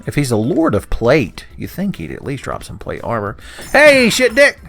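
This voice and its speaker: Lively male game commentator, crude jokes, faint game music behind. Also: medium pitch, moderate pace, gravelly. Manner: joking, swearing, laughs often, mock voices. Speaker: let's play commentator. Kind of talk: casual gameplay commentary.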